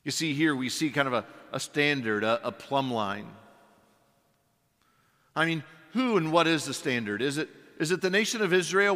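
A man's voice: a little high, a bit bright. A man preaching a sermon as pastor, emphatic, with many rhetorical questions and repeated words. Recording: long hall reverb.

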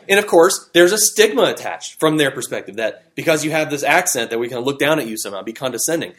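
A man teaching a Bible study class, talking in a conversational, animated way with fillers and restarts. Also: on the high side, fast, hardly any pauses. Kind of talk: classroom Bible lesson with fill-in notes.

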